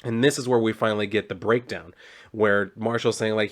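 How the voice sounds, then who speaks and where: A man's voice: on the low side, fairly even intonation, fairly quick. A man reviewing a comic book, retelling the plot in a loose, profane, casual way full of "like".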